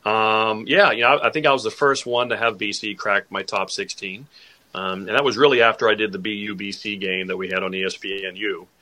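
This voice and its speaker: A man's voice: on the low side, pushed and bright. A man who is a guest on a sports podcast, talking casually and rambling, with lots of fillers and restarts. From Boston area family.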